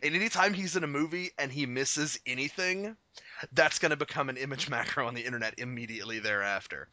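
A man co-hosting a podcast in casual chat, wry and joking, with quick asides. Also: mid-range voice, sharp tone, dry recording. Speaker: podcast co-host.

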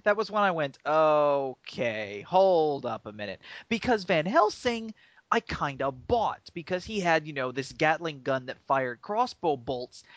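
A man's voice: sits high, no echo, dull audio. A man co-hosting a podcast in casual chat, telling stories with enthusiasm. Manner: animated storyteller, enthusiastic. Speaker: podcast co-host.

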